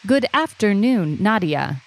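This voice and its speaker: A woman's voice: mid-range voice, sing-song, pitched above the performer's own voice. Polite household robot in a storybook, soothing electronic tone, slightly raised and firm, as a woman reads it. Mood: urgent. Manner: polite, measured. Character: calm household robot caretaker, soothing yet urgent. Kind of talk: audiobook reading.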